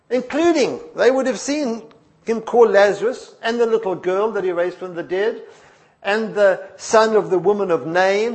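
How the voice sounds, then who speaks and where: Preaching a sermon, this man tells his stories with feeling, letting his voice fall soft and low and then rise into emphatic statements. His pitch sits high.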